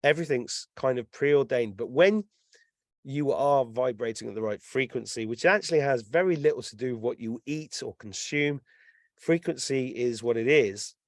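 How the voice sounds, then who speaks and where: An English man in his fifties, telling stories in a casual chat as a guest, animated and swearing freely. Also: mid-range voice, normal speed, no echo, clean studio sound. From England. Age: 50s. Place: lives in Ireland.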